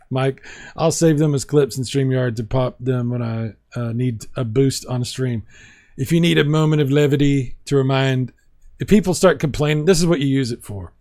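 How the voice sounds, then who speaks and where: A man's voice: medium pitch, moderate pace, a little mellow. A man hosting a casual video game livestream, reading viewer comments aloud with playful asides and frequent laughs. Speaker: livestream host.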